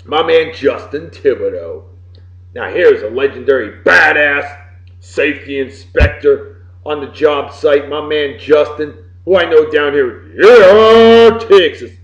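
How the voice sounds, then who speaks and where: A man from Massachusetts, hosting a show and giving folksy, boisterous birthday shout-outs. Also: fairly high pitch, expressive, unhurried. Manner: boisterous and folksy, swinging loud and soft. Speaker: podcast host. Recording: roomy, slightly dull lo-fi recording.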